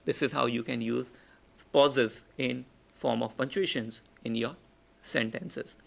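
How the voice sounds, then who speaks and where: Gravelly Indian English man teaching. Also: mid-range voice, a little slow. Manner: explanatory, repeats example sentences with shifting emphasis. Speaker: public speaking instructor. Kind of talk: lecture.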